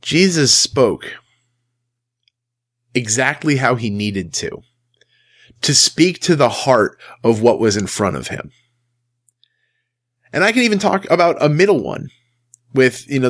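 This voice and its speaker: A man's voice: medium pitch, very animated, unhurried, pauses often. A man giving a casual sermon in a conversational, emphatic way, acting out the quotes he tells. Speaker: Christian speaker.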